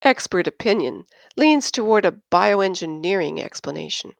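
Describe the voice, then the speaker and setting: A woman reading aloud and voicing Erno, a smooth male pilot who sounds dry and patronizing. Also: mid-range voice, lively intonation, normal speed, no echo.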